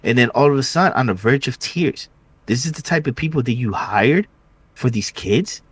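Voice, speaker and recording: A man co-hosting a podcast, telling a story in casual chat, animated and slangy, leaning on "you know" and "dude". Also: mid-range voice, moderate pace, husky. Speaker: podcast co-host.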